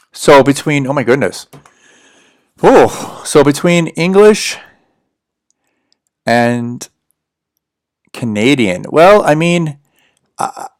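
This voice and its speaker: An American man with a general, neutral accent chats and rambles on a late-night livestream, answering viewer questions in loose, easygoing talk. His voice sits at a middle pitch and sounds close and dry, with no room around it. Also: clear, resonant tone, no room sound. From United States. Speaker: livestream host. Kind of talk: casual livestream chat.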